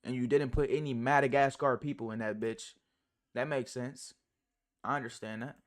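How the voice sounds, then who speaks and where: A man's voice: steady tone, moderate pace. Rambling, profane man reacting live. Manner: slangy and profane, rambling with many fillers, big swings in pitch and loudness. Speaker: streamer reacting to clips. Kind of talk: casual live reaction chat.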